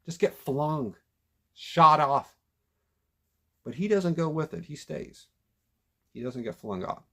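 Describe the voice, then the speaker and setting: Male reviewer, casual and emphatic, husky voice, very lively intonation. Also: a little high, slow. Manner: animated, emphatic, frequent restarts. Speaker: documentary reviewer. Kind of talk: casual commentary retelling a story.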